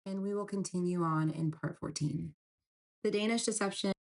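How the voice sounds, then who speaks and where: Chatty woman recounting a personal story, somewhat low voice, acts out the quotes. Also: moderate pace, gravelly. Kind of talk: storytime video.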